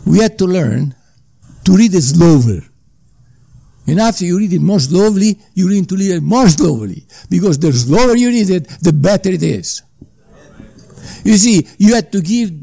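A man's voice: sits high, vocal fry, dark tone. A man preaching a Bible teaching sermon, rambling and repeating himself, often checking in with his listeners. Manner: rambling and repetitive, often checking in with "okay?" and "you know".

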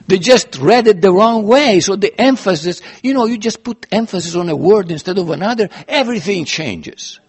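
Male preacher, high voice, husky tone, earnest, emphatic sermon delivery. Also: lively intonation, normal speed, few pauses. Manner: earnest, emphatic, with sudden rises and drops in loudness.

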